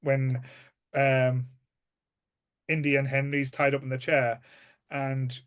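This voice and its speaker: A man's voice: medium pitch, flat delivery, slow, smooth. A man with a Northern English accent co-hosting a film podcast, telling scenes in a rambling, jokey way with lots of fillers. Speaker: podcast co-host. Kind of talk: casual chat.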